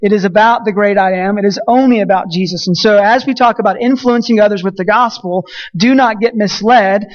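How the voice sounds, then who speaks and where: Male preacher, higher register, earnest and self-correcting, muffled lo-fi recording. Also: brisk. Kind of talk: sermon with scripture reading.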